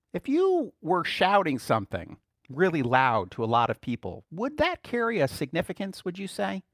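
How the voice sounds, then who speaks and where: A man's voice: high-pitched, huge pitch swings, a little slow, a bit bright, dry recording, clean studio sound. A male preacher teaching a sermon to a small group, asking rhetorical questions and chuckling often as he talks.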